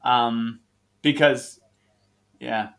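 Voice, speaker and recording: A man's voice: mid-range voice, steady tone, extremely slow, vocal fry, fairly bright tone, slight background noise. A young American man from Florida co-hosting a casual podcast chat from his garage, joking and swearing freely. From Florida, United States. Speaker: podcast co-host.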